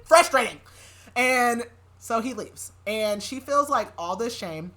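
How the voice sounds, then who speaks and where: Chatty sarcastic young woman, bright voice. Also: on the high side, animated, takes it slowly. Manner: chatty, sarcastic asides, frequent likes and laughs. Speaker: podcast host. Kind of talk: casual book recap.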